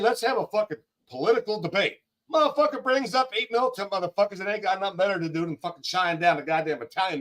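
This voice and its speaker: A man calling in as a guest, delivering a blunt, profane rant with rapid-fire jabs. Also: high-pitched, low-quality recording. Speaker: call-in guest.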